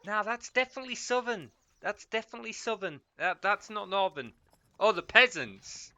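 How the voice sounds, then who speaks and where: A man's voice: high-pitched, moderate pace, bright, forceful tone, no echo. A man casually commentating a strategy game stream, chatting to viewers and laughing often.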